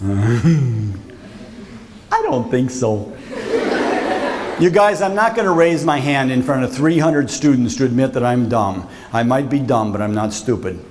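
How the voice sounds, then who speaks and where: A middle-aged man, a visiting author, telling a story to students in a school auditorium with lively drama, acting out voices and laughing often. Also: medium pitch, brisk, hardly any pauses. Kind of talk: animated storytelling talk.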